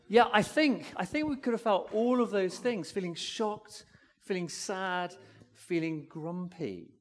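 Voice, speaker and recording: Guy preaching to a church crowd, keeps asking them questions, voice jumps all over, big echoey hall. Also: a little high. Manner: lively, questioning, talks with the congregation. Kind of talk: family-friendly sermon. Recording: long hall reverb.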